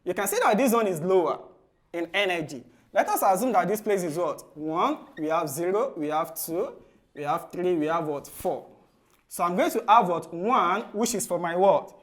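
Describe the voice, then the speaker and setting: A man's voice: expressive, moderate pace. Man quizzing with constant "what?". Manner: asks "what?" after nearly every phrase, filling in the answers himself; drops to a low, soft voice on the answer words. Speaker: chemistry tutor. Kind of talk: exam-prep lesson.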